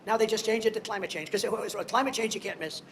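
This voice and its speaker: A man's voice: sits high, fast talker, roomy sound, slight background noise. An older man giving a rambling, boastful speech, telling stories and mocking people.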